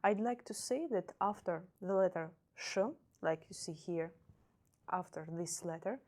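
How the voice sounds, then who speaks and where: A woman's voice: fairly low pitch, unhurried, a little mellow. A woman teaching a language lesson, patiently explaining and repeating each example word twice, with a few self-corrections.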